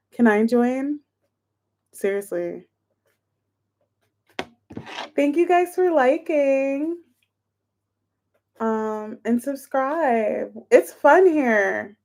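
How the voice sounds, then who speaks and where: A woman reading tarot on a livestream, counting aloud as she shuffles and chatting casually with her viewers. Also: on the high side. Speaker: tarot reader.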